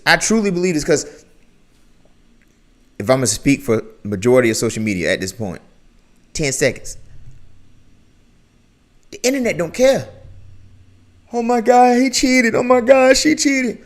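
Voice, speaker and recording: A man hosting a casual reaction chat, talking in an animated, slangy way and often repeating his phrases. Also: mid-range voice. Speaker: reaction channel host.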